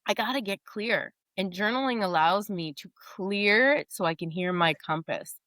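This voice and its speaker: A woman's voice: medium pitch, moderate pace, a bit bright, dry recording. A woman in her forties, a podcast guest, telling her story in a candid, rambling way. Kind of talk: casual interview talk.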